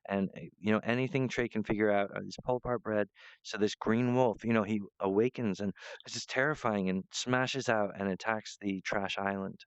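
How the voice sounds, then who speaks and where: Gravelly low-voiced man rambling to camera. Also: steady tone, moderate pace, dry recording, lo-fi sound. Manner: meandering, restarts often, apologetic asides. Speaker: vlogger.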